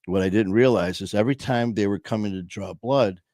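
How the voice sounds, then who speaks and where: A man with a lowish, darkish voice and a brisk delivery shares his personal story as a podcast host, swearing freely and speaking bluntly. His many restarts and unfinished phrases come through a dry, clean studio recording.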